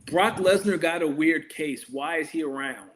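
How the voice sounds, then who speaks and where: High-voiced man in incredulous banter. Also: normal speed, fairly bright tone, slight background noise. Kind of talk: casual chat.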